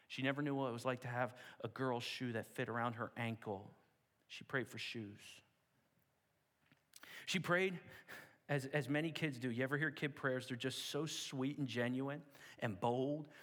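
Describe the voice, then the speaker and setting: A man preaching, telling a story dramatically with repeated words and hushed asides. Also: medium pitch, measured pace. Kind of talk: sermon storytelling. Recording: long hall reverb.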